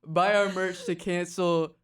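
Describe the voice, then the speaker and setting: A man's voice: high voice, fairly even intonation, fairly bright tone, clean tone. Joking young man co-hosting a podcast. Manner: joking, quick reactions. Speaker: podcast co-host. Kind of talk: casual podcast chat.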